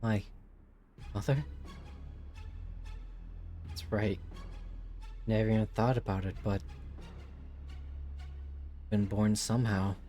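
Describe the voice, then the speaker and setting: A man's voice: lowish voice, steady tone, slow pace, long pauses, dark tone, faint music behind. A man streaming a game, making casual, wry, sometimes profane comments and reading the story text aloud with drama.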